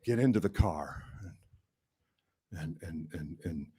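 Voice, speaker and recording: A male stand-up comedian telling a story on a comedy club stage, rambling with restarts and bursts of shouting. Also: low voice, lively intonation, measured pace.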